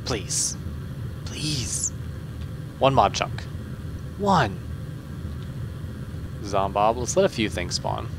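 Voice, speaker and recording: Low-pitched male gamer, rambling let's play talk, faint hiss behind. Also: moderate pace, gravelly, few pauses. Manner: chatty, self-deprecating, talks to himself while playing; muttered asides and stumbling restarts. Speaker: gaming channel host.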